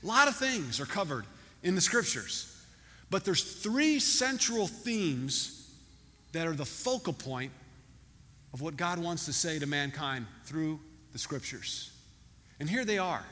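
A man preaching in a church with a bright, forceful voice that sits a little high. He talks in a loose, conversational way, repeating words and leaning on fillers. The sound carries a long reverb with faint room ambience. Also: very animated, unhurried. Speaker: pastor. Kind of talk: sermon with a told joke. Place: church hall.

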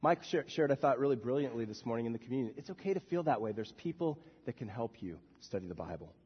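A man preaching a sermon as a minister, swinging from soft, quiet passages to loud shouted bursts. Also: medium pitch, expressive, fast talker, breathy edge, big-room sound, muffled recording. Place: church sanctuary.

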